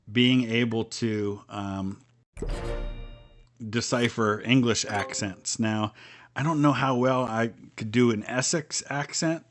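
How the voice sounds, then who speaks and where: A man's voice: medium pitch, a bit bright, slight background noise. A middle-aged man from Ohio with a Midwestern American accent, chatting casually on a game live stream, rambling with ums and restarts. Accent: General American Midwestern. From Northeast Ohio, US. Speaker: streamer playing a strategy board game with viewers.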